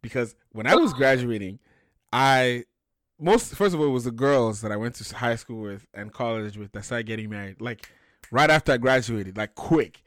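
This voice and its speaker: A man's voice: medium pitch, moderate pace, a bit bright, no echo, studio quality. A young man from Nigeria, co-hosting a casual chat, joking and emphatic. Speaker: podcast co-host.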